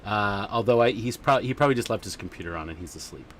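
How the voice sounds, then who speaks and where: A man's voice: on the low side, animated, quick pace, a bit bright. A man hosting a casual livestream chat, rambling along with lots of fillers. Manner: rambling and chatty, many fillers. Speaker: podcast host.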